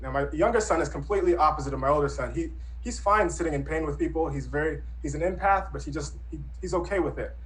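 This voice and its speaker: A man's voice: a little high, fast talker, few pauses, low-quality recording. A man in his thirties telling a true personal story in an earnest, reflective, conversational way. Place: Brooklyn.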